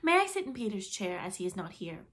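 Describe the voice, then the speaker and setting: A woman voicing a bold boy who grumbles and talks back, at a raised pitch. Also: very animated, quick pace, pushed and bright, heavily acted. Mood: grumbling. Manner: grumbling, cheeky.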